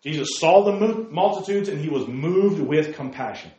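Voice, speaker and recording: A man's voice: fairly high pitch, animated, normal speed, warm tone, reverberant. A man preaching a sermon as pastor, talking in a conversational way and asking the congregation questions.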